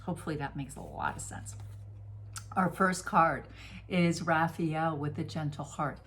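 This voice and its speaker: A middle-aged spiritual reader gives a casual, effusive oracle card reading, playful and prone to sudden exclamations. Her low voice is unhurried and a bit bright.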